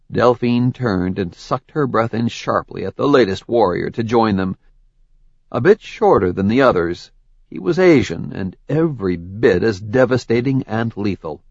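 A man narrating an audiobook in an unhurried, measured way. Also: fairly low pitch, expressive, gravelly, dry recording, muffled recording. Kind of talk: scripted narration.

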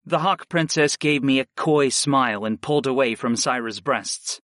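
A man's voice: medium pitch, moderate pace, fairly bright tone, no room sound. Man narrating a story, dry close sound. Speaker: audiobook narrator. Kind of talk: scripted first-person narration.

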